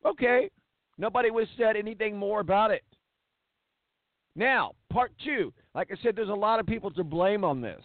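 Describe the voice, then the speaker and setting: A man's voice: sits high, lively intonation, normal speed, no room sound. A man hosting a sports talk show, ranting bluntly and hammering words for emphasis. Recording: tinny phone-like dry sound.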